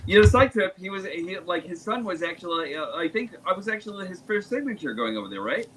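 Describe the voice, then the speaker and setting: Lively bright-voiced man on a call. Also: high-pitched, fast, breathy edge, rough recording. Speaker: livestream guest. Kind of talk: casual group chat.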